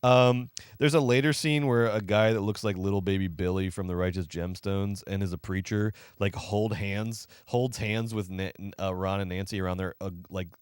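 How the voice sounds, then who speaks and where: A man's voice: deep voice, normal speed, few pauses, smooth, no echo, studio quality. A man co-hosting a film podcast, talking casually and sarcastically with lots of fillers, acting out lines from the film. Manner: animated, acts out quoted lines in funny voices. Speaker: podcast co-host, film reviewer. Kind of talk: casual chat.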